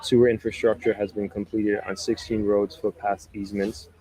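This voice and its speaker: Low, flat-voiced man reading news. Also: normal speed, low-quality recording. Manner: reads articles aloud, breaks off for chatty asides. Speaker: live stream host reading news. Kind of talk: casual live stream news reading. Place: outdoors near a beach in Jamaica.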